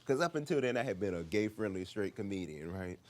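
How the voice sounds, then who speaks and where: Man, stand-up comedian, storytelling, lively pitch, unhurried delivery, noisy recording. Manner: animated, punctuates with "right?".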